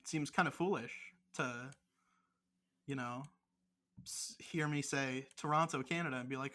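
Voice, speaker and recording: A man's voice: mid-range voice, normal speed, pauses often, pushed and bright. A man co-hosting a podcast over a remote call, teasing his co-host in crude, mock-angry casual chat full of swearing.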